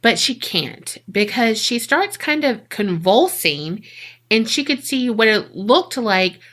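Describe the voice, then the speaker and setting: Bright-voiced woman telling a story slowly. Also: a little high, big pitch swings. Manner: slangy, profane, dramatic retelling. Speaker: podcast co-host. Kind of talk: casual storytelling chat.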